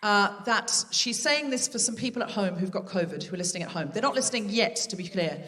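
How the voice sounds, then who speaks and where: A woman does live stand-up hosting for a comedy podcast on a theatre stage, chatting, poking fun at herself and working the crowd. Her medium-pitched voice is expressive, pushed and bright, and quick. A stage microphone captures her from a distance in a large hall.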